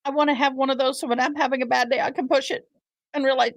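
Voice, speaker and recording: A woman's voice: high voice, level tone, fast talker, no echo, muffled recording. A woman hosting a casual live commentary stream, chatty and teasing as she talks to her viewers. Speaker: livestream host.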